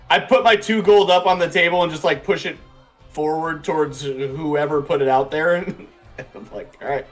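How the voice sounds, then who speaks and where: A player in a tabletop game describing their character's actions in a relaxed way. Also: mid-range voice, measured pace, long pauses, faint music behind. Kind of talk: playing a tabletop game over voice chat.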